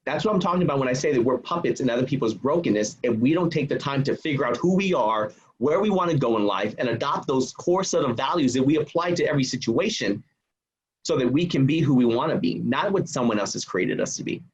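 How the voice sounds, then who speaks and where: Husky man telling a story animatedly. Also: medium pitch, animated, fast, lo-fi sound. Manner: acts out quoted voices. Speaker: podcast guest.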